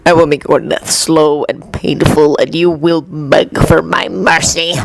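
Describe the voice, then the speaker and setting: A woman voicing a menacing male alien villain with a slow, threatening snarl. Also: low-pitched, steady tone, gravelly, noisy background, voice pushed down.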